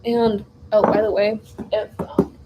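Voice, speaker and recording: A woman's voice: mid-range voice, level tone, measured pace, heavy background noise. A young woman vlogger in a home kitchen, telling a long casual story while baking, rambling with lots of fillers and restarts.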